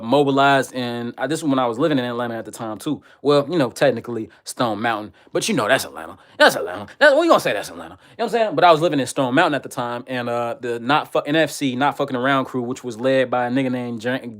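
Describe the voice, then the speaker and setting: A man hosting a livestream, reading viewer comments and ranting with loud, profane, repetitive insults. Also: medium pitch, quick pace, few pauses.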